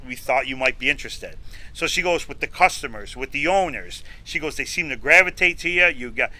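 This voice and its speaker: A man's voice: mid-range voice, lively intonation, fairly quick, sharp tone, low-quality recording. A middle-aged man from upstate New York telling a long story on a podcast, acting out both sides of each conversation. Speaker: podcast guest, food show host. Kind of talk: casual storytelling interview.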